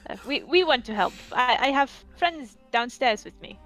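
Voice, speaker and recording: A woman playing a character in a tabletop game, halting and stammering as she speaks. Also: sits high, lively intonation, a bit bright, soft background music. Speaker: player. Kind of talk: in-character tabletop role-play.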